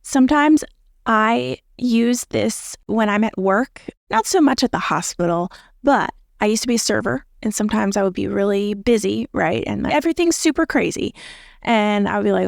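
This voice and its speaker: A chatty American woman in her thirties hosts a podcast in an easygoing, instructional tone, full of "like" and "right?" and quick laughs. Her voice sits a little high and carries a gravelly fry, recorded close and dry with no room sound. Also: animated, dry recording. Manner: chatty, encouraging, laughs often, many fillers. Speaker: podcast host, labor nurse. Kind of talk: casual instructional podcast talk.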